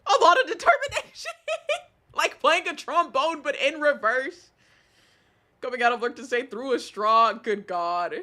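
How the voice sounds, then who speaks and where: A man streaming live and reading chat aloud, animated and exasperated, swearing often. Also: extremely high pitch, unhurried, long pauses.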